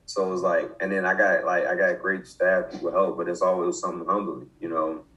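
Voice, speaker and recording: Young man, low-pitched, casual interview guest, halting speech, lots of restarts and fillers. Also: level tone, fairly bright tone, rough recording. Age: 20s. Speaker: football coach, interview guest. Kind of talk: casual conversation.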